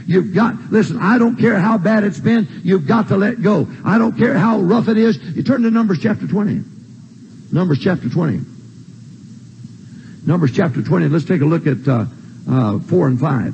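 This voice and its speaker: A man's voice: sits high, vocal fry, darkish tone, slightly rough, dull audio. An older man preaching a sermon, folksy and emphatic, repeating his points. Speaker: pastor. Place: church sanctuary.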